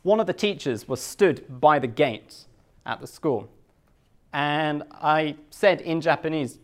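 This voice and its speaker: A British man explaining culture to language learners, stretching key words slowly and deliberately. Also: on the high side, lively intonation.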